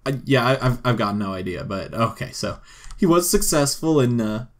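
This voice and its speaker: Animated joking gamer guy. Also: medium pitch, normal speed. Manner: animated, joking, talks to the game characters. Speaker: gaming video host. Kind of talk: casual let's-play commentary.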